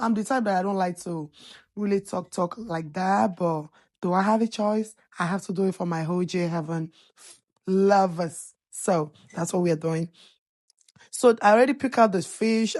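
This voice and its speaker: A woman talks viewers through her cooking in a loose, chatty voice-over, teasing and joking as she goes. Her voice sits a little low for a woman. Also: moderate pace, darkish tone. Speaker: cooking channel host. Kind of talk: casual voice-over narrating a cooking video.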